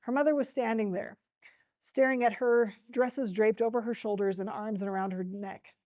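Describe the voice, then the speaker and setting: An expressive woman reading a storybook aloud at a library talk and turning to her audience to pull them into the tale. Her voice sits somewhat high. The recording is dry and slightly dull. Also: normal speed, dry recording. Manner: expressive storyteller who speaks to listeners directly. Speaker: book talk presenter.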